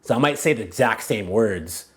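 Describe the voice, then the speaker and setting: A man with a fairly low voice answers interview questions about learning languages. He talks in a loose, animated way, full of "like" and "you know," and often restarts a phrase as he works out his thoughts. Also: normal speed. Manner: casual, animated, many "like" and "you know" fillers; thinks aloud, restarts phrases. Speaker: language coach, interview guest.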